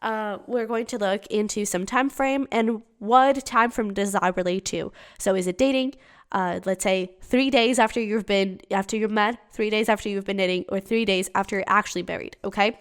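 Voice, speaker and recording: A woman's voice: mid-range voice, steady tone, normal speed, smooth. A woman giving a casual tarot reading to camera, chatty and giggly, with many fillers and restarts. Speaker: tarot reader.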